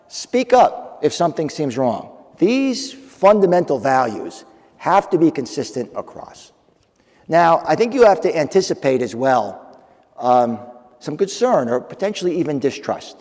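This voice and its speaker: A man with a New England accent speaks on a conference panel in a fairly high, mellow voice, conversational and full of fillers and restarts. The hall adds a long, ringing reverb. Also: sing-song, a little slow. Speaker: compliance officer, panelist. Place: conference room with audience.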